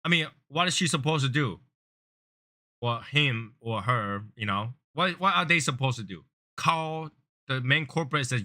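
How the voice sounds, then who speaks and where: A man hosting a cigar channel speaks animatedly at a normal speed, keeping things casual and sincere. He tends to ramble and say things twice, and he gets louder and higher-pitched when he mimics angry callers.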